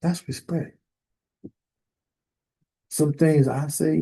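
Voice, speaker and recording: A man ministering in a sermon, emphatic and building to sudden forceful bursts. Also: mid-range voice, takes it slowly, creaky, long pauses, breathy edge, rough recording. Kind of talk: preaching sermon.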